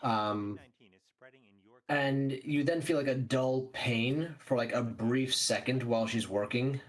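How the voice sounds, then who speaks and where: Male game storyteller with mid-range pitch, casual and loose, full of fillers. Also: slow pace, low-quality recording. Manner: loose, filler-heavy narration. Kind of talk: narrating a tabletop game.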